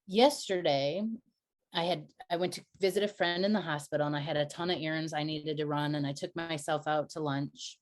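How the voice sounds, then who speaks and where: Earnest storytelling woman, lowish voice. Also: steady tone, brisk. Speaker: podcast co-host. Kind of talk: candid personal conversation.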